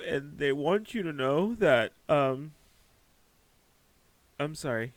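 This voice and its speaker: A man's voice: fairly high pitch, lively intonation, slow pace, pauses often, dry recording. A man giving a spiritual tarot reading, emotional and close to tears, who keeps breaking off mid-sentence to compose himself. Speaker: tarot reader.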